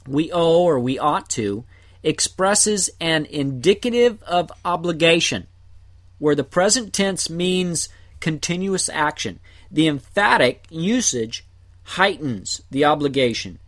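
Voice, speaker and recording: A man teaching a Bible passage verse by verse, explaining Greek words in short, deliberate phrases. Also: fairly high pitch, a bit bright. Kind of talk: slow verse-by-verse Greek word study.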